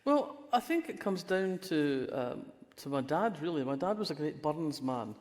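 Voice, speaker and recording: With big pitch swings and a low, darkish tone at a normal pace, a woman in her sixties from Fife, Scotland shares wry stories as a guest crime writer. Her polished Scottish accent carries through the long reverb of the festival hall stage, and she restarts her sentences often.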